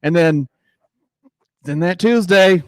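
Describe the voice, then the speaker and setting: A man's voice: sits high, slow, dry recording, clean studio sound. A middle-aged man doing a crude, rambling stand-up set who laughs at his own jokes, on a mic in a small garage room. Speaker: stand-up comedian. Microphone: microphone in a garage.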